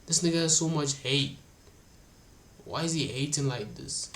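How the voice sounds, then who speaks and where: A man's voice: on the high side, a little slow, gravelly, a bit bright, slight background noise. A man from Africa reacting live on stream, indignant and swearing, laughing now and then. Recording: roomy echo.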